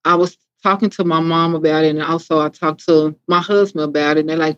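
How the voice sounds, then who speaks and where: Soft, low-voiced accented woman guest. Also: fairly even intonation, brisk, clean tone, dry recording, lo-fi sound. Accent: foreign accent. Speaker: guest, former patient. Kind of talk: casual interview chat.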